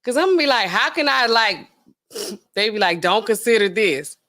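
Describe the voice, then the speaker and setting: A woman pharmacist hosting a casual livestream, chatting in a slangy, animated way, reading out viewer comments and laughing often. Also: normal speed. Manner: animated and chatty, slangy, swings between low asides and high exclaims; laughs often mid-sentence.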